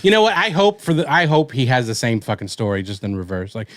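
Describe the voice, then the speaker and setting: A comedian in his forties telling stories in casual podcast chat, animated and swearing freely, acting out lines. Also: mid-range voice, quick pace, no echo, studio quality. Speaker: comedian guest.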